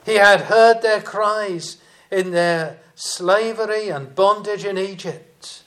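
A man preaching a sermon, speaking deliberately and rising in emphasis on key phrases. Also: high voice, fairly bright tone.

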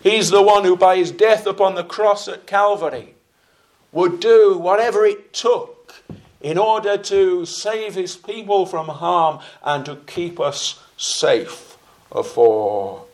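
A middle-aged man preaching a sermon, slow and deliberate, with fillers and phrases that trail off quietly. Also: high voice.

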